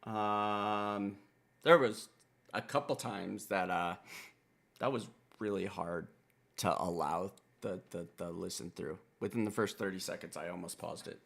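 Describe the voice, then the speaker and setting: A man's voice: sits low, measured pace, creaky, fairly bright tone. A man hosting a music reaction video, talking in a laid-back, rambling and profane way. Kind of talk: casual album reaction commentary.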